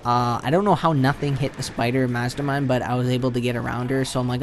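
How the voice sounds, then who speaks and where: A man's voice: mid-range voice, fairly even intonation, fast talker, over music. A man doing a casual, rambling voice-over commentary on his own gameplay, often retelling his reactions. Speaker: channel host.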